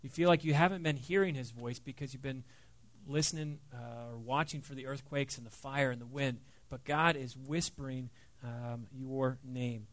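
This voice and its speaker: A middle-aged man, the pastor, gives a conversational, earnest sermon built around a personal story. His mid-range voice holds a steady tone at normal speed, with many fillers and soft dips and no echo.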